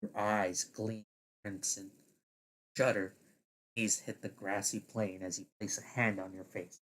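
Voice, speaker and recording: A man narrating a second-person audio story in a deliberate way, now and then laughing at his own slips. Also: on the low side, little pitch movement, fairly bright tone.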